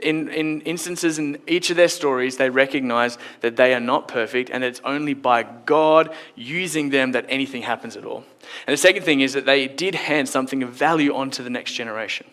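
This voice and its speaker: A man's voice: medium pitch, a little fast, a bit bright. A man preaching a sermon in church, in a conversational, playful storytelling way. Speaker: pastor.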